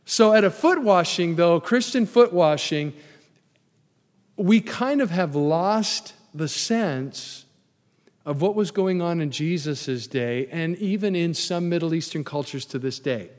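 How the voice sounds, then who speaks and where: Guy pastor giving a sermon, chatty with little jokes, kinda high voice, big echoey church hall. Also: animated, takes it slowly. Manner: conversational preaching with asides and humor. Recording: long reverb in a large hall.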